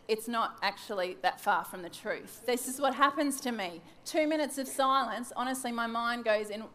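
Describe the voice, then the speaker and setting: Woman, thirties, devotional teaching talk, candid, self-mocking, fairly high voice. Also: normal speed, few pauses, fairly bright tone. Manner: candid, self-mocking, acts out her own scattered thoughts. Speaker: church teacher.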